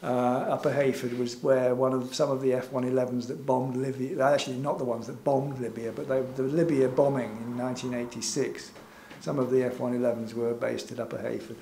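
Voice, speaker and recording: A man's voice: medium pitch, flat delivery, fairly quick, creaky, few pauses, dark tone. A man giving an informal public talk over slides, hesitant and full of fillers, with a wry, chuckling manner. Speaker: invited speaker. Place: gallery event room. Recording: echoey room with faint background hum.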